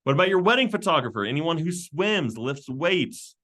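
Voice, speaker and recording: A man leading a team meeting, rattling off a long list of quick questions with frequent fillers. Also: a little high, very animated, a bit bright. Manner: rapid-fire questions with fillers. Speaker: team leader. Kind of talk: brainstorming prompts at a team meeting.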